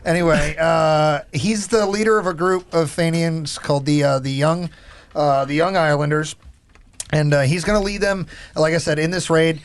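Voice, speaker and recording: Slightly high-voiced hesitant man. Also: fairly even intonation, moderate pace, clear, resonant tone. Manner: hesitant, many fillers, joking asides. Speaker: co-host. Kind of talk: podcast conversation.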